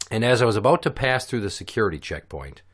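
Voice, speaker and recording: A man hosting a casual podcast, telling stories in an animated, profane way. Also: on the low side, husky. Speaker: podcast host.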